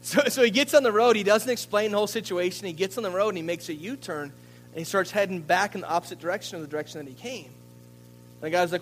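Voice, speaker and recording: A man preaching a sermon as a pastor, telling a story in a lively way and often repeating words as he goes. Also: high voice, quick pace, a little hiss or hum, rough recording. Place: church.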